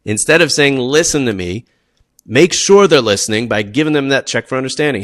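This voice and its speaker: A man who teaches PE, presenting classroom tips in an animated, emphatic way and often checking in with "okay?". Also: medium pitch, fairly quick, dry recording, studio quality. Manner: animated, acts out students and teachers.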